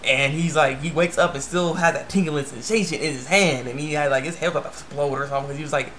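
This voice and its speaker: A young man with a somewhat high voice recaps an episode in a loose, rambling way. He stacks up fillers and keeps retelling scenes with "he's like". A faint hiss sits under the recording. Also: steady tone, quick pace, fairly bright tone. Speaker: anime reviewer.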